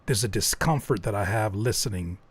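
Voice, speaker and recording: A man's voice: lowish voice, a little fast, husky. A man hosting a live stream, reviewing listeners' songs with candid, joking critique and thinking aloud as he goes. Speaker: host reviewing listener music. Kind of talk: live music feedback stream.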